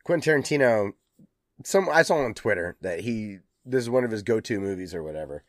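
A man's voice: on the low side, lively intonation, brisk, no room sound, studio quality. Rambling man hosting a podcast. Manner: rambling, lots of ums and uhs. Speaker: podcast host. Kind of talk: casual chat.

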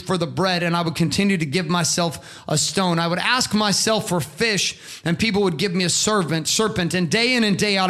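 A man's voice: sits high, fairly bright tone. A middle-aged man giving an impassioned motivational monologue, preachy and emphatic, swearing freely. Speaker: motivational speaker.

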